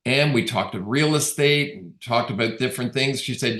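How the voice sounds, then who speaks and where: A man's voice: medium pitch, moderate pace, few pauses, fairly bright tone. A middle-aged man from Canada giving a conversational webinar talk as a real estate agent, telling stories and acting out quoted dialogue. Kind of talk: casual storytelling talk. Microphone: video call. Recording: roomy echo on the voice.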